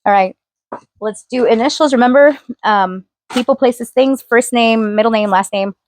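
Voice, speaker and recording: A woman's voice: a little high, normal speed, darkish tone, slight background noise. A woman tarot reader talking casually straight to her viewers, chatty and loose, full of fillers as she reads the cards. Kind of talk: casual tarot reading to camera.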